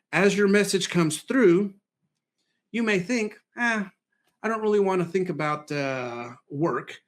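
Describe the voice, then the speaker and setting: A middle-aged man giving a casual presentation lesson, telling folksy stories and acting out quoted voices. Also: on the high side. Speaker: presentation skills trainer.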